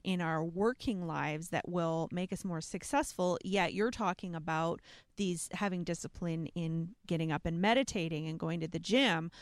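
A woman hosting an interview who asks her guest measured, thoughtful questions. Her voice is smooth and fairly low, and it is recorded dry and close. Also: dry recording. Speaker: interviewer, host.

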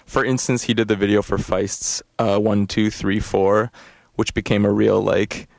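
A man's voice: lowish voice, flat delivery, measured pace, gravelly, a little mellow, no echo. A man co-hosting a college radio music show, chatting casually in a rambling, hesitant way with many fillers.

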